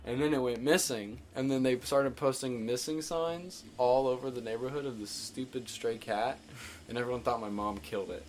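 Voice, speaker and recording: A man's voice: mid-range voice, normal speed, a little mellow, a little hiss or hum. A man hosting a casual podcast chat, telling rambling stories with lots of laughter and acted-out quotes. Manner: laughing storyteller who acts out his mom. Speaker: podcast host.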